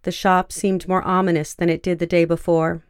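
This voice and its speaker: A woman narrating a fiction story in a measured, even storytelling way. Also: lowish voice, smooth, no room sound, studio quality.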